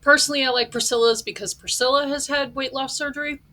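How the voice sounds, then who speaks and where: A middle-aged woman delivers reaction commentary in a bright, cutting voice set a little high. Her tone stays blunt and sarcastic as she mocks what she watches. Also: fairly even intonation, quick pace. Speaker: reaction vlogger.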